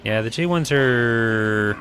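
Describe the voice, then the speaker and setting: A man's voice: medium pitch, takes it slowly, a bit bright. Man muttering strategy game commentary. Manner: muttering orders to units, thinking aloud. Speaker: gaming YouTuber.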